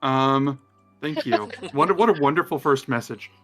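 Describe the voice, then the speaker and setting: A man's voice: mid-range voice, animated, moderate pace, a bit bright, soft background music. A man narrating as game master of a tabletop game, rambling and hesitant, with frequent fillers.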